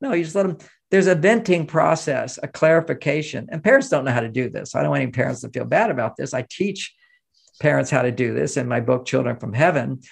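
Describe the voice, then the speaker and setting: An American relationship author, appearing as an interview guest, explains things conversationally in a fast, animated way. His gravelly, middle-pitched voice chuckles as he acts out quoted voices.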